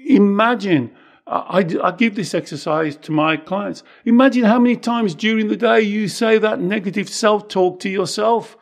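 A man's voice: high-pitched, moderate pace, vocal fry. A man co-hosting a self-help talk, speaking emphatically and acting out inner voices. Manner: emphatic, acts out inner voices, repeats himself. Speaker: teacher and podcast co-host.

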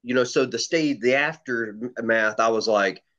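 A man of middling pitch chats casually on a podcast, spinning a loose story full of fillers and the odd curse word. The recording sounds dull and lo-fi, with the highs rolled off. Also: measured pace, fairly bright tone. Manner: rambling storytelling with swearing and fillers. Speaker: competitive shooter guest. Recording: dull lo-fi audio.

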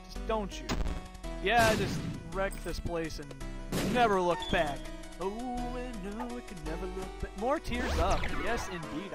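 High-voiced goofy young man gaming. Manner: goofy, rambling, talks to the game. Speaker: gaming video host. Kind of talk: let's play commentary. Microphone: desk microphone. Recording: music playing under the voice.

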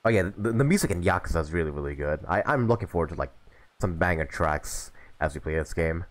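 A man's voice: low voice, expressive, quick pace. A man streaming a game live, chatting casually with viewers while sick with the flu and sniffling. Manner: laid-back, chatty, laughs often. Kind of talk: casual live gameplay chat.

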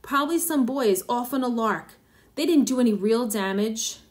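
A woman's voice: on the high side, expressive, normal speed, natural voice. A woman reading the part of an anxious wife who pleads and begs with her husband. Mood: pleading. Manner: pleading, fearful.

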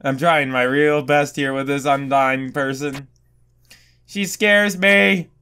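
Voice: medium pitch, steady tone, slow pace, pushed and bright, clean tone. A let's-play gamer commenting on a video game in a sarcastic, jokey way, with swearing.

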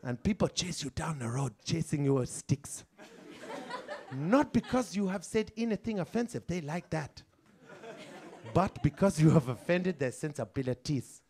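A man voicing a smug, bigoted male elephant with a South African accent, talking in slow, stiff, deadpan admissions. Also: a little high.

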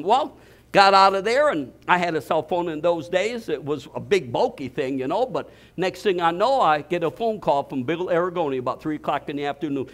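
An older man preaching a sermon, telling stories with bursts of shouting and laughter. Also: high voice, moderate pace. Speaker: pastor.

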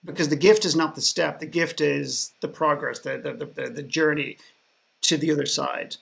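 A man's voice: fairly high pitch, fairly even intonation, normal speed, vocal fry, a bit bright. An Irish man, a podcast guest, telling a story in a sarcastic way, often restarting his sentences. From Ireland. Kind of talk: storytelling in a panel conversation.

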